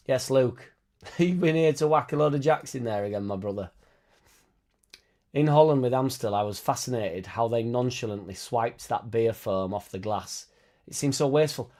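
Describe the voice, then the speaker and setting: A man with a Yorkshire accent hosts a live watchalong stream and reacts to the match as it plays. His voice sits at an ordinary middle pitch. He chats casually with his viewers, with plenty of swearing and banter. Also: lively intonation, normal speed, darkish tone. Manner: blunt, swearing, chatty banter. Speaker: livestream host.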